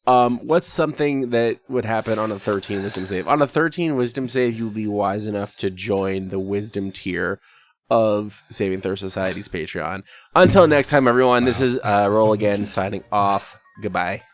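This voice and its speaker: A man's voice: on the low side, normal speed, slight background noise. A man hosting a casual podcast talkback about a tabletop game, rambling and self-deprecating, laughing often. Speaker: podcast host and game master.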